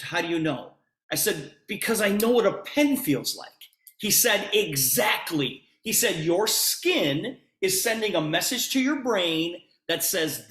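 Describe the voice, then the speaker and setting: A man presenting on a video call, telling an animated story and acting out both sides of a conversation as a sales pitch. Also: reverberant. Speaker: presenter on a business opportunity call.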